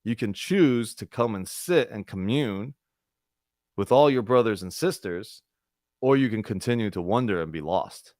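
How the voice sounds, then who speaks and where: A man's voice: lowish voice, expressive, measured pace, a little mellow, dry recording, clean studio sound. A man hosting an online spiritual discussion group, talking casually and earnestly with repeated, searching phrases. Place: online group video call.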